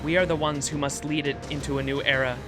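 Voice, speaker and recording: A man's voice: fairly high pitch, level tone, quick pace, lightly acted. A man reading a taunting scheming woman. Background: background music.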